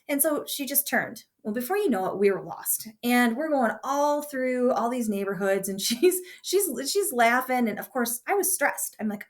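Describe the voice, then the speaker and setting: A woman's voice: a little high, lively intonation, moderate pace. A woman teacher giving a classroom writing lesson and telling a chatty story from her own childhood. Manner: chatty storyteller with warm asides.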